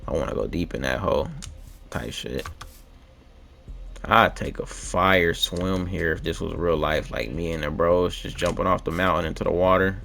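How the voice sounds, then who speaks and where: Rambling low-voiced young man gaming. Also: normal speed, creaky, a bit bright. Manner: rambling, slangy, laid-back musing. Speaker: gaming vlogger. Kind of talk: casual late-night gameplay chat.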